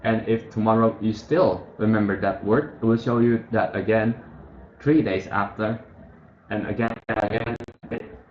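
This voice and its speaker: A man's voice: fairly low pitch, steady tone, normal speed. A man casually walking through a study app on screen, thinking aloud and correcting himself as he goes. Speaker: tutorial host. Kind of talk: casual screen-share tutorial. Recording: muffled, echoey room with faint hiss.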